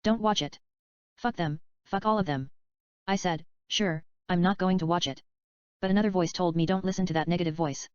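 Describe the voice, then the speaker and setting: A chatty, daydreaming male screenwriter, read aloud by a woman talks his way through his ideas. The voice is smooth and a little low, with no real change for the part. The sound is dry and close, and a bit dull and lo-fi. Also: a little fast, darkish tone, no room sound, natural voice. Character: adult male screenwriter, dreamy and rambling. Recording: dull, slightly lo-fi dry recording.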